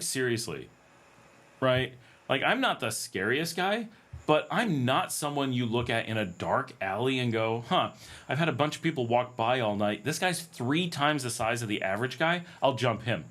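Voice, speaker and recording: A man's voice: medium pitch, expressive, normal speed, fairly bright tone. A middle-aged American man hosting a casual livestream Q&A, chatty and telling stories with frequent laughs. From United States. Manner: chatty, anecdotal, laughs often, acts out quoted voices. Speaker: livestream host.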